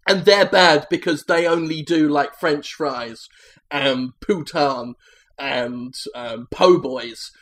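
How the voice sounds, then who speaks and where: Guy rambling thru a deadpan fake pitch meeting, kinda high voice. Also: takes it slowly. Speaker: comedy sketch host. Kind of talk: improvised comedy monologue.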